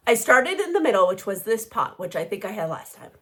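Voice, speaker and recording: A woman's voice: mid-range voice, big pitch swings, unhurried, a bit bright. A woman casually chatting about her cross-stitch projects, rambling with many fillers and side remarks. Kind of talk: casual show-and-tell chat.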